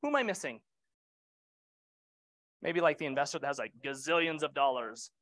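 A man's voice: a little high, animated, normal speed, a bit bright, no echo. A middle-aged man leading a real estate training session, casual and joking, asking the group questions.

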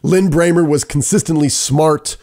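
Animated middle-aged man telling a story. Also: fairly high pitch, moderate pace. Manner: animated storyteller acting out quoted dialogue. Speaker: podcast host. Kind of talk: storytelling monologue.

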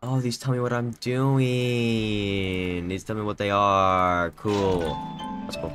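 A young man streaming a video game, profane, excitable and jokey as he plays. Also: lowish voice, slow pace. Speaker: gaming streamer. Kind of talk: live gameplay commentary. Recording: home mic with game music behind.

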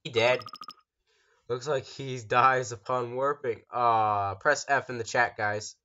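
A gamer giving excitable, casual commentary while playing, talking to viewers and breaking into sudden screams. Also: mid-range voice, slow, muffled recording. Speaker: let's play gamer.

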